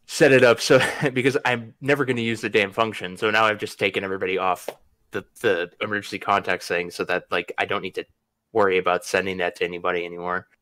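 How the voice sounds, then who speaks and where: A man's voice: lowish voice, fairly bright tone. Young man, casual podcast chat, rambling, laughs a lot, swears. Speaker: podcast host.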